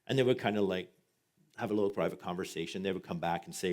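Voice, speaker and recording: A man preaching as pastor, closing with an earnest, halting prayer that repeats words, then telling a joke. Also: deep voice, a little mellow.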